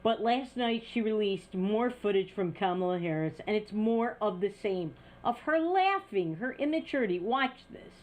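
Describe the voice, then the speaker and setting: A woman's voice: mid-range voice, expressive, moderate pace, few pauses, darkish tone. A woman hosting an opinion news show, talking in a scornful, sarcastic way. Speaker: news commentary host. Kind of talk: opinion commentary.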